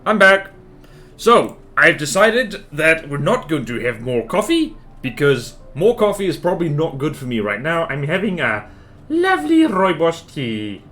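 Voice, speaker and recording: A man's voice: a little high, sing-song, a little slow, bright, forceful tone. A man live-streaming a building game, chatting with his viewers and thinking aloud in a playful, self-mocking way.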